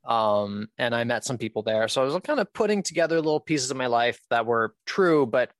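A man talking as a guest on a podcast, candid and casual, often laughing and using "um" as he goes. His voice sits at an ordinary middle pitch. The recording is dry, with no room sound. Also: lively intonation, brisk, no room sound. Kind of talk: casual personal storytelling.

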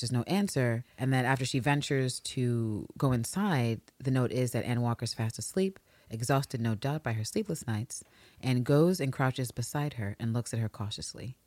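A woman with a low voice that swings widely in pitch, chatting on a podcast. She is animated, laughs often and swears freely. The sound is dry and close. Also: dry recording. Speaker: podcast co-host. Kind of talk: casual podcast chat.

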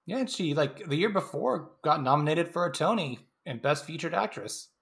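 Lively joking man on a podcast. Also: on the high side, moderate pace, gravelly, breathy edge. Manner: jokey, laughs often, chimes in with quips. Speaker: podcast co-host. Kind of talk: casual movie chat.

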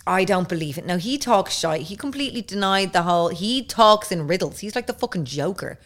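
A woman's voice: fairly low pitch, lively intonation, brisk, a bit bright. A woman, hosting a podcast and gossiping crudely in casual chat. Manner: crude, gossipy, laughing often. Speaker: podcast host.

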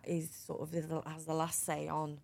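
Lively, frank woman guest telling stories. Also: sits low, moderate pace, gravelly. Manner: lively, frank, runs sentences together with restarts. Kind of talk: conversational storytelling interview.

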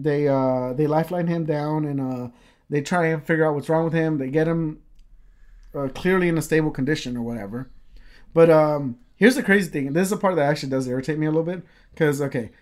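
Rambling man telling a story, higher voice. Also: darkish tone. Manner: rambling, filler-heavy, swears freely. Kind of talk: casual storytelling chat.

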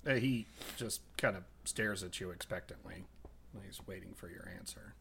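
A man narrating as game master, unhurried and searching for his words. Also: low-pitched, gravelly, noisy background.

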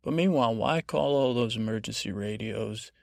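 A podcast host rambles through a slow bedtime monologue, his low voice edged with gravelly fry. He stays lulling and drowsy, tripping over his words with many restarts. The recording is close and dry, with no room sound.

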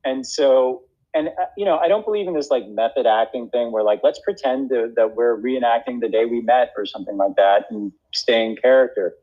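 A man chatting in an interview, halting and full of restarts, often breaking into laughter. His voice sits in a middle register. The recording sounds dull and lo-fi. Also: medium pitch. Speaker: actor and acting teacher. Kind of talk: casual interview chat.

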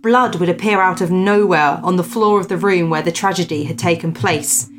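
A woman's voice: on the low side, normal speed, a little hiss or hum. A woman, co-hosting a casual podcast, reading old ghost stories aloud with dramatic emphasis and chatting between them. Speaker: podcast co-host.

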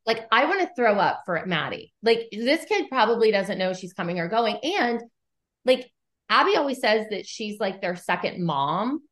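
A woman's voice: medium pitch, sing-song, normal speed. A woman co-hosting a podcast, recapping an episode in casual chat and acting out the quotes she retells, with the odd swear word.

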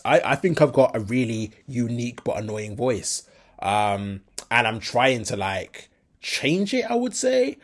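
At an ordinary mid pitch for a man, a young podcast host from the English Midlands delivers a solo opinion monologue. His accent shifts between Birmingham and London, and he speaks frankly and rambles, with plenty of fillers and false starts.

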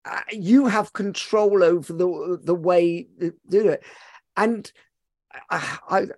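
A man's voice: high-pitched, slow pace, no echo, clean studio sound. A man hosting a podcast, encouraging and reflective in casual interview chat. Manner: encouraging, laughs easily, reflective. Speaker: podcast host.

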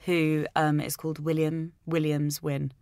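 A woman co-hosting a podcast, talking in a casual, chatty way with quick asides and fillers. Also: sits low, monotone, a little mellow, dry recording, clean studio sound. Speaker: podcast co-host. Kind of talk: casual chat.

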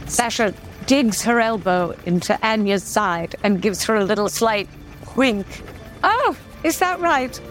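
A woman playing a tabletop game, speaking in character in a hesitant, halting way. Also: medium pitch, animated, soft background music. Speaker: player. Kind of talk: tabletop role-play banter.

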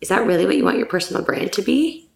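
A woman guest talking candidly in a casual, heartfelt conversation, animated and laughing often. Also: medium pitch, quick pace, creaky, roomy sound.

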